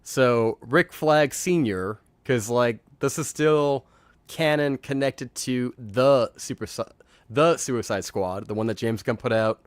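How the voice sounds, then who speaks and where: A man hosting a live movie review stream, talking in a loose, rambling way with plenty of swearing. His voice sits at an ordinary middle pitch. He sounds close to the mic in a dry, dead room. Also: slow pace, clear, resonant tone, dry recording. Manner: rambling, profane, acts out lines from scenes. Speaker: host. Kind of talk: casual movie review chat. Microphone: remote streaming mic.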